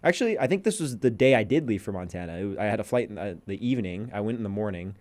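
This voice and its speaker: A man's voice: lowish voice, rapid-fire. A young man, a podcast guest, telling a personal story in casual chat and acting out what people said. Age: young adult. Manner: animated storyteller, acts out quotes.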